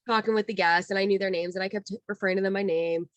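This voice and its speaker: A young woman in her twenties, a guest on a casual interview, telling a long personal story with lots of "like" and acting out quotes in a higher voice. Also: fairly even intonation, fast, dry recording. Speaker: guest, former theme park cast member.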